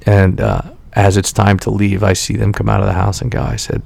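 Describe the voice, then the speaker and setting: A man's voice: on the low side, flat delivery, fairly quick, gravelly, few pauses, a little mellow, husky. A man in his forties casually telling a personal story, candid and self-critical, acting out the exchanges he quotes.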